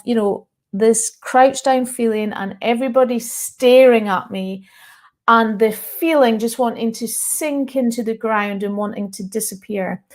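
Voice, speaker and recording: A Scottish woman tells her own story to viewers, earnest and candid, and on the edge of tears. Her voice sits fairly high. She breaks into laughter now and then. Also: a little mellow. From Scotland. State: emotional, close to tears. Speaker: mindset coach and speaker. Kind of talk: personal story told to viewers.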